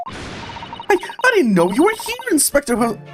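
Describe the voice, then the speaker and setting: A man doing a squeaky, excitable young woman. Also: normal speed, heavily acted. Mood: eager. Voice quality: high, breathy falsetto. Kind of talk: reading game dialogue aloud. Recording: game music behind.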